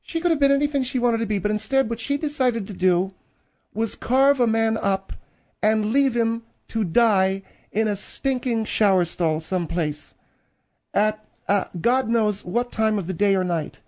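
A man's voice: sits high, measured pace, a little mellow, pitched above the performer's own voice. A man voicing a prissy, snobbish middle-aged woman co-host on a comedy talk show, pompous and affected. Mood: haughty. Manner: pompous, affected, catty asides. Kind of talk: comedic talk radio banter.

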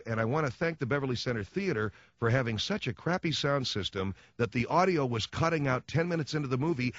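Animated, ranting male talk host. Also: mid-range voice, no echo, highs cut off. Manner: ranting, sarcastic. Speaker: radio talk show host. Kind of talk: comic monologue.

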